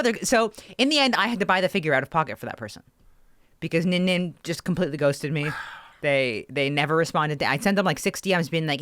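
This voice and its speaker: A woman co-hosting a podcast, telling a story in an animated, ranting way with swearing, close to her microphone. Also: low voice, a little fast, pauses often, clean tone, no echo. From Canada. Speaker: podcast co-host. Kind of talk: casual podcast chat. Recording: dry close-mic sound.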